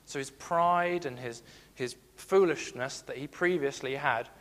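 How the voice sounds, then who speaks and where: A man's voice: mid-range voice, unhurried, fairly bright tone. Man preaching in an echoing hall. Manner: earnest, repeats key phrases, reads scripture aloud. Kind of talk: sermon.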